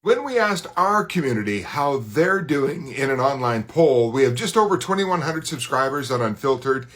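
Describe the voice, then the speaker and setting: A man at mid pitch hosts his own commentary channel. His delivery is measured and serious. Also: big pitch swings, a bit bright. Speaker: channel host.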